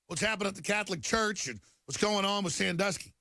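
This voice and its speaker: Gravelly, ranting talk host. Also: male voice, high voice, lively intonation, quick pace, few pauses, pushed and bright, dry recording. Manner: agitated, emphatic ranting with repeated stammering. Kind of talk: talk radio monologue reading headlines.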